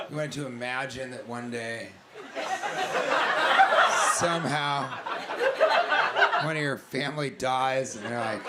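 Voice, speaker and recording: A man's voice: a little high, unhurried, pauses often, very noisy. A male stand-up comedian in a small comedy club, riffing with mock-angry profanity at an audience member. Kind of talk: stand-up set with crowd work. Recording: live club recording with loud crowd laughter. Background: loud audience laughter.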